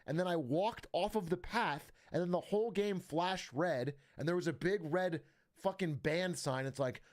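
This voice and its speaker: A man's voice: sits high, normal speed. A young man streaming, chatting casually with viewers in a rambling, profane way and laughing often. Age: young adult.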